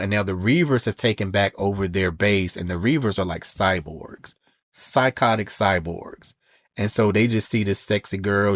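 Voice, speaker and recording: A man with a lowish voice hosts a podcast and walks through a comic book storyline. He talks casually and slips into the characters' quoted lines as he goes. The sound is close and dry. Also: no room sound. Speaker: podcast host.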